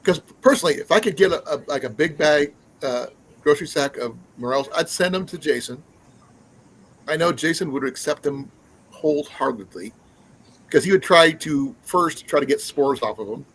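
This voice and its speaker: A man's voice: on the high side, normal speed, a bit bright, a little hiss or hum, rough recording. A man hosting a casual live stream, chatting in a rambling way with many fillers and restarts. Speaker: livestream host.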